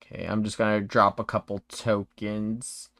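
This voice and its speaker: A man's voice: on the low side, flat delivery, gravelly, a bit bright, dry recording, clean studio sound. A man narrating as game master in a tabletop game, stopping and restarting often. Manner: halting, full of fillers and restarts.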